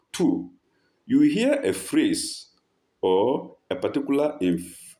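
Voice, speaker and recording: Slow, deep-voiced man reading and explaining. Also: dark tone. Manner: reads a passage slowly, repeats phrases and stops to explain them; breaks off to mimic speakers in a raised voice. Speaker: religious teacher. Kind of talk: reading aloud and commenting.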